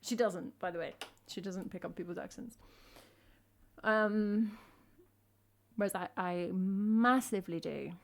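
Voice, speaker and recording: A woman's voice: mid-range voice, measured pace, vocal fry. An English woman in her thirties, chatting casually to viewers on a music livestream in a self-mocking, rambling way, dropping her T's. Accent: English, drops T's. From England. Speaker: streamer and singer-songwriter.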